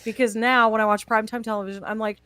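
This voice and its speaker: A woman from the American South with a Southern accent, chatting on a podcast and acting out quotes with animated, laughing energy. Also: a little high, very fast, dry recording. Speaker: podcast co-host. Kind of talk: casual chat.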